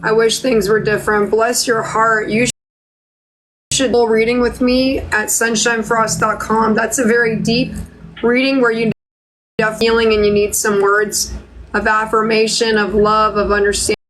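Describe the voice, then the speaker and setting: A woman's voice: a little high, little pitch movement, normal speed, a bit bright, slight background noise, rough recording. A woman hosting a live psychic reading stream, chatting to viewers in an emotional, choked-up way. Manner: tearful, choked up. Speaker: psychic medium host.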